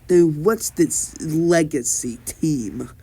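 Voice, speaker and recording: An arrogant boy ninja from an elite clan, stuck-up and demanding, as a man plays him. The voice is his narrator's own, slow and mellow. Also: a little high, slightly rough, exaggerated voice. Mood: indignant.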